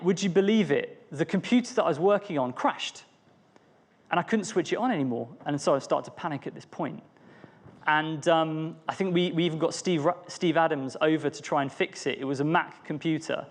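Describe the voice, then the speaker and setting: A young man shares a personal story in a church talk, earnest and reflective. His voice sits fairly high for a man, and he speaks with gentle emphasis. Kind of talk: personal testimony within a sermon.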